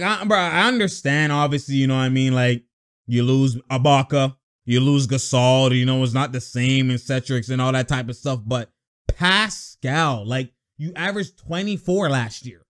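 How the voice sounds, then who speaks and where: A man reacting to a basketball game in casual slang, laughing often and yelling at the plays before sliding into a long rant. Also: medium pitch, lively intonation, unhurried. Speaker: sports reaction vlogger.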